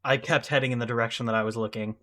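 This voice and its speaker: A man's voice: mid-range voice, racing. Man telling a rambling, self-mocking story. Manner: animated, self-deprecating, rambling with restarts. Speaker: podcast co-host. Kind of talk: casual storytelling.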